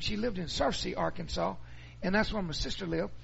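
Brief: middle-aged pastor, gravelly fry, slightly higher voice, muffled recording. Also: male voice, fairly quick, a bit bright, a little hiss or hum. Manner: folksy storytelling. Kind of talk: sermon.

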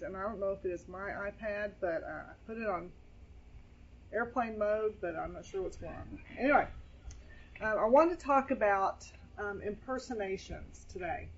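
A woman pastor, preaching a casual sermon in a chatty, animated way while seated at a table. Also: mid-range voice, a little hiss or hum. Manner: chatty, animated, scripture quoting. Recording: dull lo-fi sound.

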